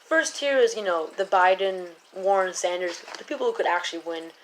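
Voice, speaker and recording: A woman's voice: mid-range voice, animated, brisk, rough recording. A woman talks casually to camera in an ordinary mid-range voice. She rambles, fills gaps with "um" and "like," and keeps backtracking to fix her own slips. A faint hiss of background noise sits under the recording. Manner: rambling, keeps correcting herself, many fillers. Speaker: political vlogger.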